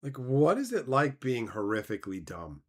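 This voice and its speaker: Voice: mid-range voice, huge pitch swings, moderate pace. A streamer reacting to chat in casual talk, sarcastic and mocking, swearing often and laughing between remarks. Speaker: streamer reading chat aloud.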